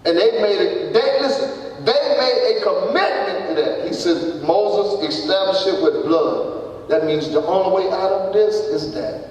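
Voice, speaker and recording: A man preaching a sermon as pastor, animated, repeating "listen" and swinging from loud to soft. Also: high-pitched, measured pace. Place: church sanctuary. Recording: echoey church hall from far off.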